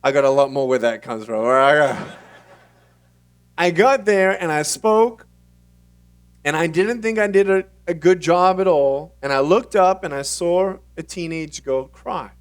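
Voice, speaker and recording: A motivational speaker at a conference, telling his own story in an animated way and acting out the dialogue. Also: a little high, unhurried, clear, resonant tone, far from the mic. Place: conference stage.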